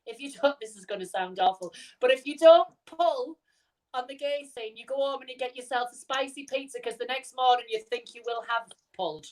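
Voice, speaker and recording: Cheeky high-voiced British woman host. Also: brisk, darkish tone, rough recording. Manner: cheeky, bubbly, laughs often. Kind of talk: casual live-stream chat.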